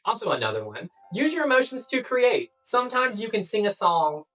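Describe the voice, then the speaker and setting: A woman swearing, excitable vlogger, distant mic. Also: medium pitch, a little fast. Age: young adult. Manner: blunt, swearing, excitable and playful. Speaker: vlogger giving life tips. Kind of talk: casual chat to camera. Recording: distant mic with background music.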